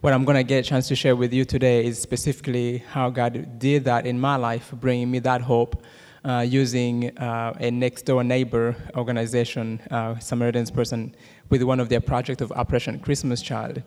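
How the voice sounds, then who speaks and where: A man's voice: medium pitch, level tone, darkish tone. Rwandan man giving a church testimony. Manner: fast-talking, frequent "uh" fillers, jokes with the audience. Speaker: guest speaker giving a testimony. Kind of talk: church testimony talk with prayer. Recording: long hall reverb.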